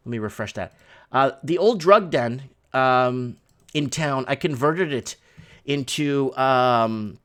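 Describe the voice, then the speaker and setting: A man hosting a casual livestream from a home studio, talking through chat messages in an excitable, rambling way. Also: mid-range voice. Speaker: livestream host.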